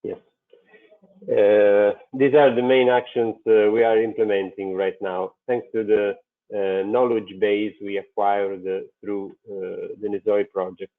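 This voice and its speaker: Halting, male presenter, low voice, slow delivery, tinny video-call audio. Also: little pitch movement. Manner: halting, many fillers and restarts. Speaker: transit company presenter. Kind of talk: webinar presentation. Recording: phone-like narrow sound.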